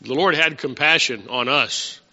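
A man's voice: mid-range voice, measured pace, bright, forceful tone, long reverb tail, lo-fi sound. A man preaching a casual, conversational sermon, asking his congregation questions as he teaches.

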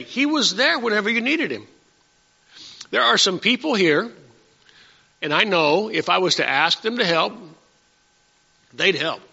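A high, lively male voice that swings up into emphatic peaks and has a gravelly edge. He is a pastor preaching to his congregation and often stumbles and restarts mid-phrase. The sound is bright but dull and lo-fi, with long reverb from the church hall. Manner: animated, rising to emphatic peaks, with frequent restarts. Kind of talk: sermon. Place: church sanctuary.

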